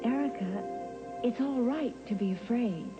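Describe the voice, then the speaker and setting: A woman's voice: fairly high pitch, animated, lo-fi sound, loud music behind the voice. A tender, frightened mother. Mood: fearful. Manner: tender, halting. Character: loving middle-aged mother, widowed, frightened by illness. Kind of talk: daytime soap opera acting.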